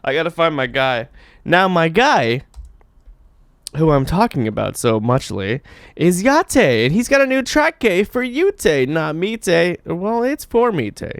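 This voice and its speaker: A man's voice: on the high side, very animated, slow, dry recording. A man hosting a casual music show live, goofy and jokey, slipping into silly voices. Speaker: host.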